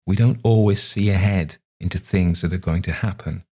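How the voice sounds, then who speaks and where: A man's voice: low-pitched, moderate pace, a little mellow, slightly rough. A man voicing a strange, dreamy old woman in a tower who talks cryptically, half to herself, in an audiobook reading. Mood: cryptic.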